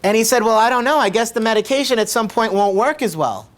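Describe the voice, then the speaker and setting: A man's voice: high voice, lively intonation, quick pace, fairly bright tone. A middle-aged man, a chiropractor, telling a patient story to camera in a conversational way and repeating his questions for emphasis. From United States.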